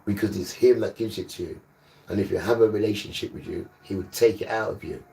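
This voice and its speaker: A man's voice: lowish voice, a little fast, vocal fry, dark tone, far from the mic. A man preaching on a livestream, emphatic and repetitive, sometimes scolding his listeners. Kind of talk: livestreamed sermon.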